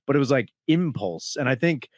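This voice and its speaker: A man comedian trades loose, slangy banter as a podcast guest, dropping "dude" into everything. His pitch moves a lot, and the sound is dry and close. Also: lively intonation, a little fast, no room sound. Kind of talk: casual comedy podcast chat.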